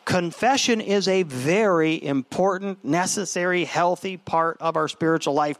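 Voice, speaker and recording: A man with a slightly high voice preaches a sermon in an easy, conversational way. He often restarts his phrases as he goes. The sound is dry and close. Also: normal speed, no echo. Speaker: pastor.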